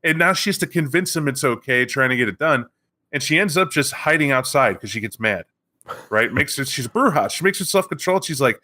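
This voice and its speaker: A man's voice: mid-range voice, animated, a little fast, sharp tone. A man co-hosting a podcast, telling a tabletop game story in a casual chat and acting out the characters. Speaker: podcast co-host.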